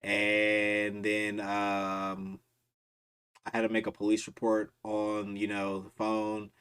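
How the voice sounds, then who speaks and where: A man's voice: on the low side, monotone, slow pace, a bit bright, clear, resonant tone. A man streaming, telling a long personal story in a casual, rambling way with slang and frequent restarts.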